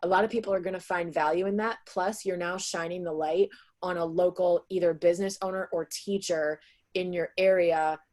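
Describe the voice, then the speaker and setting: A woman's voice: on the low side, steady tone, brisk, a little mellow. A woman in her thirties, a sales trainer, giving a casual webinar presentation over a video call and talking in a chatty way with many fillers. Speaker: sales trainer presenting to real estate agents.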